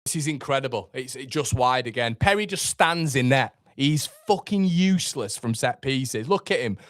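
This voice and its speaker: A man hosting a live football watchalong, reacting anxiously and in exasperation, sometimes swearing and shouting at players. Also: mid-range voice, animated, moderate pace, no room sound, studio quality. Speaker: fan watchalong host. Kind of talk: live football fan commentary.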